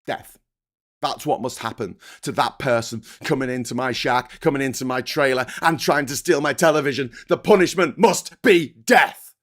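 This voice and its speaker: A man's voice: medium pitch, moderate pace, natural voice. A British man putting on a weak American accent to voice a gun-loving American man who is furious at intruders. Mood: vengeful. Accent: American, put on poorly. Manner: grim and insistent, rising to shouting.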